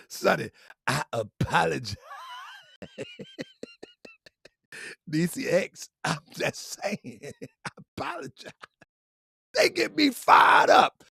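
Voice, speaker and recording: A man hosting an online commentary channel, preaching in a fiery, repetitive way that swings from shouting to quiet, laughing apologies. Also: high voice, vocal fry, breathy edge, no echo, clean studio sound. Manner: preachy, repetitive calls and answers. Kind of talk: fiery talking-head rant.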